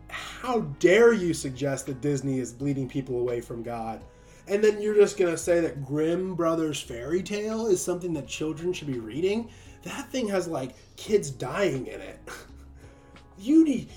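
A man's voice: a little high, big pitch swings, normal speed, a little mellow, soft background music. A man delivering a sarcastic opinion monologue, mocking his targets and laughing often. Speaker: commentator.

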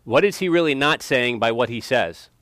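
Bible study teacher, man, quizzes class, emphatic, dry close sound, middle pitch. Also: expressive, moderate pace, fairly bright tone, dry recording. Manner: questioning, emphatic, prods students for answers. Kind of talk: interactive Bible lesson.

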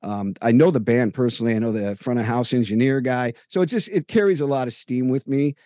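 A man's voice: medium pitch, brisk, warm tone. A man co-hosting a podcast, telling a long, detailed anecdote in casual chat and acting out the dialogue as he goes. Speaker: podcast co-host. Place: home room with jerseys on the wall.

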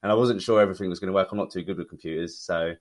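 A young man from southern England with a southern English accent, chatting casually as a podcast guest, self-deprecating and quick to laugh. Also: low voice, steady tone. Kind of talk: casual chat.

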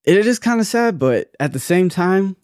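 A man's voice: high-pitched, animated, normal speed, darkish tone, no echo. Young man, casual chat, rambling, earnest, restarts, dry room. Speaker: podcast co-host.

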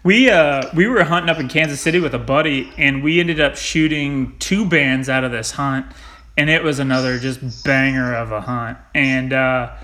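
A man hosting a casual chat, animated and laughing as he tells stories, with light swearing. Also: medium pitch, moderate pace.

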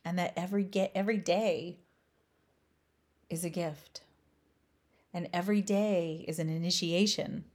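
A woman teaching on spirituality, asking slow, emphatic rhetorical questions. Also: fairly low pitch, fairly even intonation, darkish tone. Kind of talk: inspirational spiritual talk.

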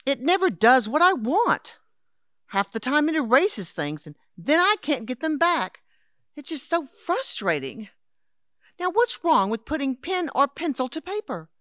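An actress playing Henrietta, a brisk, patronizing elderly woman in an audio drama. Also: sits high, very animated, a bit bright, no room sound, studio quality, heavily acted. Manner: brisk, patronizing, calls others dear and darling. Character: scheming elderly woman, Henrietta, would-be crime writer.

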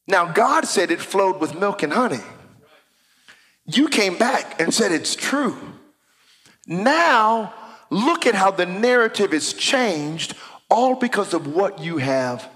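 A man preaching a sermon, reading scripture aloud and building to shouted declarations. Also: high voice. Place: church sanctuary. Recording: long hall reverb.

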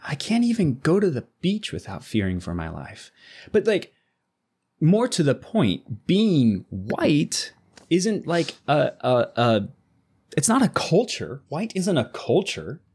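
Animated husky-voiced man. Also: on the high side, takes it slowly. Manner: animated, voice jumps up when making a point. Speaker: podcast co-host. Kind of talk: casual discussion and reading news aloud.

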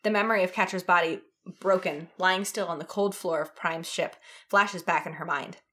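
A woman reading fan fiction aloud in an expressive, dramatic way. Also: fairly low pitch, normal speed. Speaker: reader.

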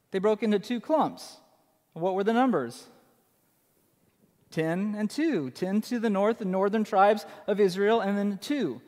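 High-voiced man preaching in a reverberant hall. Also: a little mellow. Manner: emphatic, repeats key phrases, casual asides. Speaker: pastor. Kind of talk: sermon.

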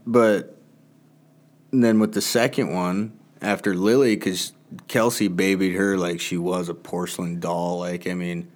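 Low voiced guy in his 30s, casual chat about his kids, does high yelpy bits. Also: steady tone, unhurried. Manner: storytelling, acts out his own shouts in a high voice.

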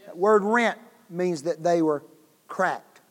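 A man preaching a revival sermon as guest preacher, telling a story that swings from hushed tones to loud bursts, with repeated words. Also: sits high, slow. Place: church sanctuary. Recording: long hall reverb.

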